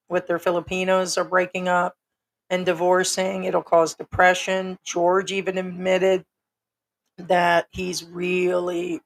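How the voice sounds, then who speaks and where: Sick american lady, raspy throat, kinda low voice, just chatting on her livestream with lots of ums. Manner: rambling, frank, with many ums. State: sick, hoarse. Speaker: livestream host. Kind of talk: casual livestream chat.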